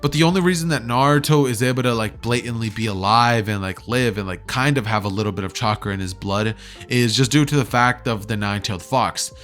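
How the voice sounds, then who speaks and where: A man's voice: mid-range voice, fairly quick, fairly bright tone, soft background music. A young man casually retelling a fan story as a YouTuber. He rambles and fills his talk with "like" and "you know".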